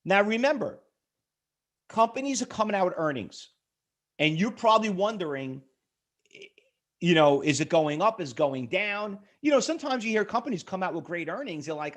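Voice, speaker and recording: A middle-aged man runs a live trading webinar in a slightly high voice. He pushes hard with rhetorical questions, calls on viewers by name and keeps pressing for a yes. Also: big pitch swings, moderate pace. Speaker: trading instructor. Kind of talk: live webinar sales pitch.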